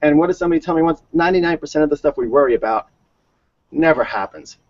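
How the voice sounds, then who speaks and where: A man's voice: a little high, animated, fast talker. A man co-hosting a casual conversation, chatty and given to repeating words as he tells stories. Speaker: co-host. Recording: dull lo-fi sound.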